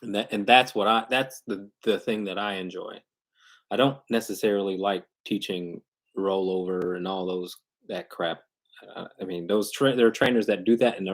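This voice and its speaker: Rambling, slangy man hosting a dog-training livestream. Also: lowish voice. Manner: loose, rambling, slangy, with frequent restarts. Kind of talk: casual livestream talk. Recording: glitchy internet livestream.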